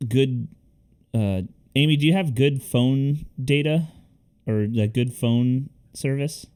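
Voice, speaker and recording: Smooth-voiced man explaining tech trouble. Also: medium pitch, takes it slowly, darkish tone. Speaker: co-host. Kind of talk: casual chat on a video call.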